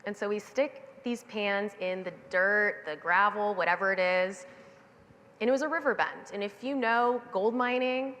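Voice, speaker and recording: A woman tells a story from a conference stage, jumping into the voices of the people in it. Her pitch sits in a middle range, and her words ring out with the long reverb of a big hall. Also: normal speed. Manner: animated, acting out the voices in her anecdote. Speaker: keynote speaker. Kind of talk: storytelling keynote talk. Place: stage in a large event hall.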